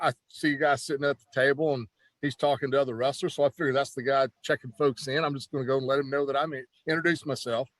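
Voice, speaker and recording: A man who is a former pro wrestler, telling stories in a casual, animated interview with lots of "you know" and restarts. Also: medium pitch, dry recording.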